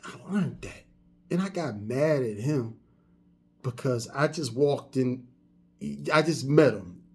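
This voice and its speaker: A man's voice: medium pitch, lively intonation, takes it slowly, darkish tone, breathy edge. A man in his fifties giving a casual motivational monologue, telling stories in a conversational way with frequent restarts. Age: 50s. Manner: conversational storytelling, repetitive restarts. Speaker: vlogger.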